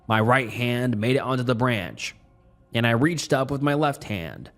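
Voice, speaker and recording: A man telling a first-person horror story as scripted narration, in a tense, measured delivery. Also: medium pitch, lively intonation, fairly bright tone. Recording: faint music underneath.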